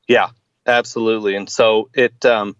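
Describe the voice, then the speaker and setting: A man's voice: fairly low pitch, flat delivery, normal speed, fairly bright tone, clean tone, no echo, dull audio. A man in his forties, a podcast guest, chatting casually and hesitantly with many fillers and restarts. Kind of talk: casual chat.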